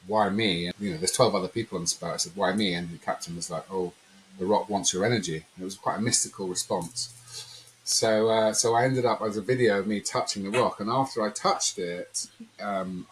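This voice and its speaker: There's a little hiss or hum in this low-quality recording of a podcast guest whose voice sits on the low side. In a conversational interview, he tells a personal story, rambling and animatedly acting out quotes.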